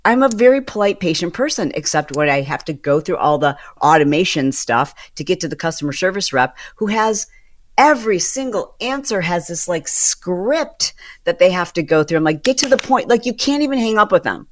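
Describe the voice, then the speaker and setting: A woman hosting a casual solo podcast, venting in an exasperated, fast-running storytelling manner. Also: fairly low pitch, very animated. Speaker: podcast host.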